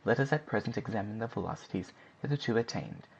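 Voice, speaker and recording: A composed, methodical club president, read by a man with a husky, slightly breathy voice, who lays out his points in measured, formal oratory. He sits on the low side of a man's range. The recording is dull and lo-fi. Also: lively intonation, heavily acted.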